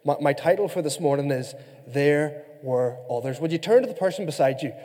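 A man from Ireland preaching a sermon, his voice high and mellow. He is animated and playful with the congregation, and his words carry a long hall reverb. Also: fairly quick. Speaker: pastor.

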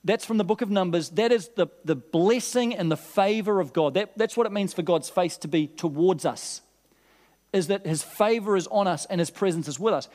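Earnest pastor preaching in a reverberant hall. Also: male voice, high-pitched, normal speed, darkish tone. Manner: earnest, conversational, asks the congregation questions. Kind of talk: sermon.

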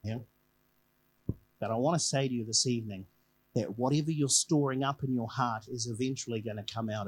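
A man's voice: mid-range voice, a little mellow, low-quality recording. A man preaching a conversational evening sermon, telling a personal story and repeating key phrases for emphasis.

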